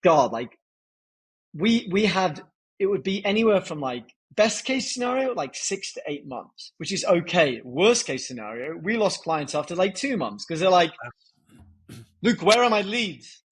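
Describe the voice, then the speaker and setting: Male guest, fairly high husky voice, energetic and casual, filler-heavy. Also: moderate pace, low-quality recording. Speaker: podcast guest, company founder. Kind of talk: casual interview talk.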